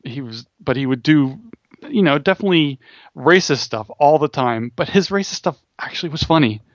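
A man's voice: on the high side, lively intonation, a little fast, no room sound, dull audio. A man co-hosting a casual podcast chat, rambling and thinking aloud with many restarts. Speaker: podcast co-host.

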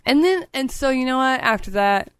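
A woman's voice: high-pitched, moderate pace, clean tone, no room sound, clean studio sound. A young woman co-hosting a podcast, telling a story in a casual, profane way and acting out her own anger. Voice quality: animated, swears a lot, acts out her own anger. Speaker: podcast co-host.

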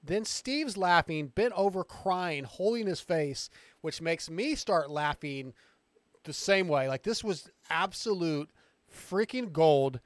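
Excitable rambling podcast host. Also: male voice, on the high side, takes it slowly, no echo. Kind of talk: casual podcast chat.

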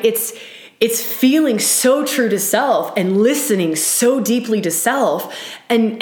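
An earnest woman leads a live spiritual circle, speaking at a middle pitch with a lot of emphasis. She often checks in with "right?" and restarts her sentences. Her voice echoes in the room around her. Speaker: circle leader. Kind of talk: live-streamed spiritual talk.

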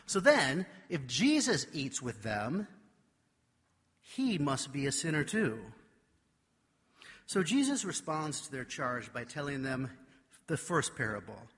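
A man preaching a sermon, telling a childhood story with animated, self-mocking delivery before turning to scripture. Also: mid-range voice, takes it slowly, pauses often, husky. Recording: long reverb of a large hall.

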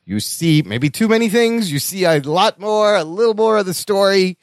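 High-voiced joking male podcast host. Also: expressive, normal speed, dry recording, studio quality. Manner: joking, laughs often. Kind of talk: casual chat.

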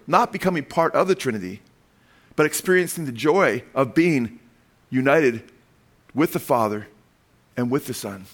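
A man with a notably high voice delivers an emphatic sermon. He presses loudly on key phrases and then drops into quiet asides. He checks in with the congregation as he goes. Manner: emphatic preaching, calls out "amen?" to the congregation; swings between loud stressed lines and quiet dropped asides. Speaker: pastor.

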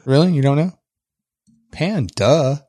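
A man co-hosting a casual tech podcast, joking around and reading a sponsor spot with animated energy. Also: medium pitch, moderate pace, dry recording, studio quality. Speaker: podcast co-host.

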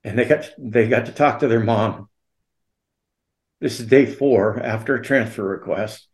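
A middle-aged man, an interview guest, recounting a personal story in an earnest, halting way and acting out the dialogue. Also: medium pitch.

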